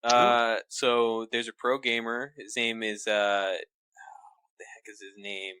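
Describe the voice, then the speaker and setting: A man co-hosting a podcast, telling news in a halting, teasing way with many pauses. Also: medium pitch, level tone, bright, forceful tone, clean tone. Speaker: podcast co-host. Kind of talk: casual chat.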